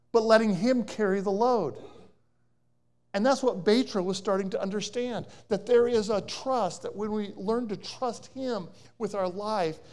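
A man with a notably high speaking voice delivers a church sermon as a guest preacher. He tells the story in lively swings, now loud and pressing, now dropping to a hushed aside. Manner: animated storyteller, swings between loud emphasis and quiet asides. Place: church service.

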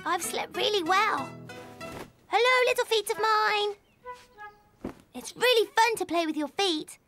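A woman voicing a cheerful, curious little boy donkey in a cartoon, speaking slowly and gently. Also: very high-pitched. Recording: children's music playing behind.

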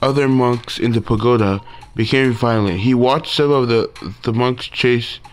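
A man reading a steady older monk father. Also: mid-range voice, a little hiss or hum, natural voice. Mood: recounting. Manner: reading game dialogue aloud, halting, rereading words.

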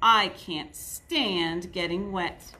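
A woman's voice: on the low side, extremely slow, bright, forceful tone, slight background noise, heavily acted. A woman reading a storybook aloud, voicing a timid young girl who hates the rain in a hesitant, worried way.

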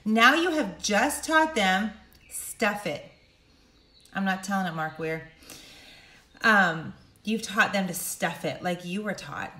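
A middle-aged woman coaching viewers directly, emphatic and animated, acting out quotes in sudden high voices. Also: roomy sound. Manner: animated, emphatic, acts out quotes with big pitch jumps. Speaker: speaker and coach. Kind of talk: direct-to-camera talk.

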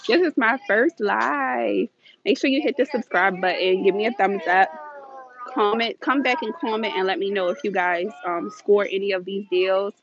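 A woman's voice: medium pitch, normal speed. A woman vlogger chatting casually and a bit scattered while streaming live from inside a large store on her phone. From United States. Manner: chatty, scattered, laughs often. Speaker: shopping vlogger. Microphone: phone held while walking. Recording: dull, dry phone audio.

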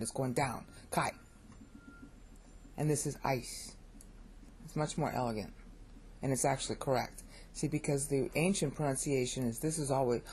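A woman's voice: low voice, a little mellow, a little hiss or hum. An American woman giving an informal pronunciation lesson, opinionated and repeating words as she thinks aloud. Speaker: language teacher.

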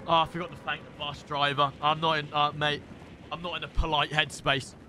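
A young man streams his game live, excitable and quick to swear at other players. His voice sits high and bright, with sharp, tense edges to it. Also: slight background noise.

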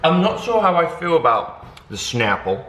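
A man's voice: fairly high pitch, big pitch swings, moderate pace, sharp tone, slight background noise. A young man, chatting casually to his vlog audience with bubbly, exaggerated reactions. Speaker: vlogger. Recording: echoey room with faint ambience.

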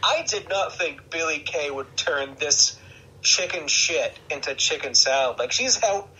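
A man hosting a podcast, chatting casually and excitably about wrestling and laughing often. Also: fairly high pitch, a little slow, low-quality recording. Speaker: podcast host. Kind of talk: casual chat.

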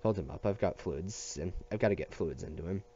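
A gruff, methodical older man who speaks low and halting, as a male reader puts him on. His words come out in a dark, mellow mumble on a dull, muffled recording. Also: lively intonation.

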